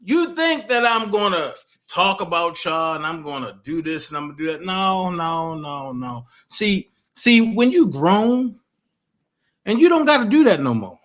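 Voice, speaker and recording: High, animated man taunting a rival. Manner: animated, taunting, reading legal text aloud. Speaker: political commentary host. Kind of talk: casual commentary monologue.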